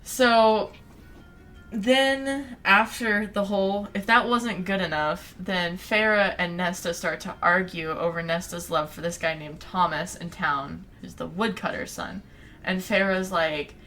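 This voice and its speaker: Her voice is on the low side, steady, bright and forceful, and she talks slowly, with a little hiss or hum audible. The young podcast co-host chats casually through a book recap, giving the story's characters little quoted voices.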